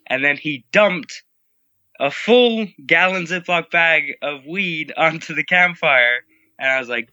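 A young man tells his side of a trip story with dry humor and an easy pace. His voice is very bright and a little high, and the sound is close and dry. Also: takes it slowly, dry recording, muffled recording. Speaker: son recounting the trip. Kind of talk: casual storytelling.

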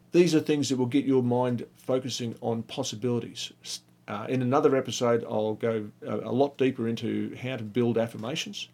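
An earnest man hosts a motivational podcast and presses listeners with question after question. His voice sits at an ordinary mid pitch and carries a steady coaching drive. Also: normal speed, gravelly. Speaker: podcast host. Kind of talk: motivational monologue.

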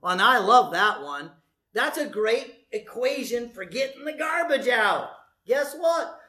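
A male pastor preaching a sermon in a lively, conversational way, often asking the congregation questions. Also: very high-pitched, slow. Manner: animated, conversational, asks the audience questions.

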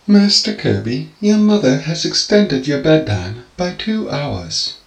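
A man voicing a calm, polite robotic butler with a formal, gentle manner. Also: a little high, takes it slowly, vocal fry, roomy sound, over music, pitched above the performer's own voice, full character voice.

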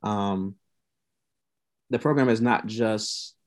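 A man's voice: fairly low pitch, takes it slowly. A man telling his story as a guest on a podcast interview, earnest and heartfelt, repeating himself for weight. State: emotional, near tears at times. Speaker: youth mentoring program founder.

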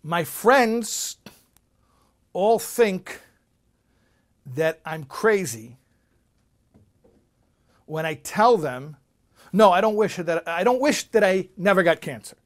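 A man voicing a frail older woman who speaks in a loud, booming voice. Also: lively intonation, takes it slowly, pauses often. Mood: earnest.

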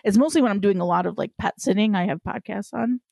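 A woman's voice: mid-range voice, fast talker, creaky, mellow, no echo, clean studio sound. A woman co-hosting a podcast in casual chat, chatty, laughing often and drifting into asides. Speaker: podcast co-host.

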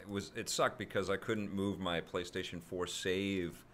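A man hosting a casual gaming chat, upbeat and asking quick follow-up questions. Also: low-pitched, fairly even intonation, a bit bright, slight background noise. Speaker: podcast host.

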